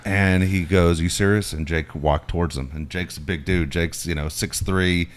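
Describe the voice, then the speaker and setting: A man's voice: low-pitched, moderate pace. A middle-aged man co-hosting a casual sports talk show, telling stories animatedly and swearing freely. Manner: animated storyteller, swearing freely, many restarts. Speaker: podcast co-host. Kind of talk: casual sports chat and storytelling.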